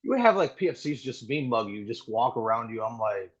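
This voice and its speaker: Marine guy on a podcast, cussing a lot, lively storyteller, kinda muffled sound, mid voice. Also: mid-range voice, a little fast, husky. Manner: animated storytelling, heavy swearing, lots of "like" and "dude". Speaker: active-duty Marine guest. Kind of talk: casual podcast interview. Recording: muffled, dull audio.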